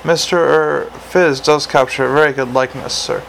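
Butler figure, male reader voices him, soft deferential storybook voice, gravelly edge. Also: a little high, fairly even intonation, moderate pace, a little hiss or hum, low-quality recording. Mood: formal. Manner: formal, deferential, quiet. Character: polite, unflappable male butler.

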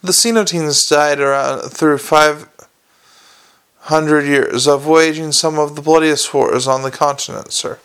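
A man's voice: fairly high pitch, steady tone, unhurried, a bit bright, clean tone. A man voicing a prim, preachy young constable. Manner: reproachful, earnest and preachy. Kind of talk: audiobook character reading.

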